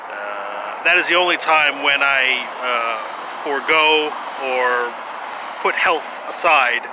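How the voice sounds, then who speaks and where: Halting man talking over street noise. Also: mid-range voice. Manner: halting, full of "uh" pauses and asides. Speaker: vlogger presenting jutsu. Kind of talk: rambling casual monologue.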